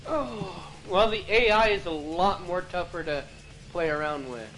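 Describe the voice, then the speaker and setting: Excitable male gamer, casual streaming chatter. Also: high-pitched, unhurried, music in the background, poor audio. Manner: excitable, bursts of "ooh" and repeated "really?". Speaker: streamer racing on a game livestream. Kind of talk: casual live-stream chat while gaming.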